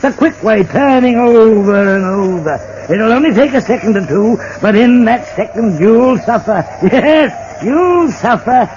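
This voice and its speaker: An actor with an Australian accent playing an unhinged, vengeful bridge worker who taunts and gloats, in 1940s radio acting style. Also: male voice, high-pitched, lively intonation. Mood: menacing. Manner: taunting, gloating, drawn-out menace. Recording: dull old radio transcription with faint hiss.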